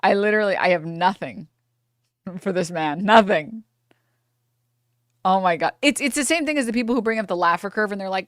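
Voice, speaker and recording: A woman's voice: mid-range voice, moderate pace, pauses often, no room sound. Young woman streamer ranting and cursing at a clip, laughs a lot, dry close sound. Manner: ranting, profane, with bursts of laughter. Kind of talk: angry reaction commentary.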